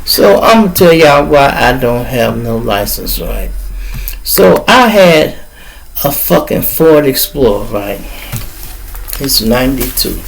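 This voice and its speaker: A man's voice: mid-range voice, gravelly, slight background noise, rough recording. A middle-aged man hosting his own show, telling stories in a loose, profane, chatty way. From Chicago. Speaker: podcast host. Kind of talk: casual storytelling.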